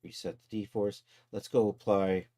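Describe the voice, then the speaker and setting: Brief: easygoing male streamer with a lower voice, narrating his work as he goes and bantering with viewers. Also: fairly even intonation, a little slow. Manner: chatty, talks to viewers and to his software while working, chuckles often. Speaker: 3D artist livestreaming his work. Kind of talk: casual live-stream commentary.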